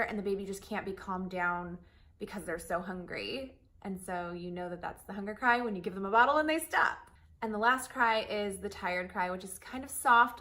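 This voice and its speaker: Bright-voiced woman explaining baby talk. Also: mid-range voice. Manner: friendly, reassuring, explanatory. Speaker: host. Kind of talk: parent education lesson.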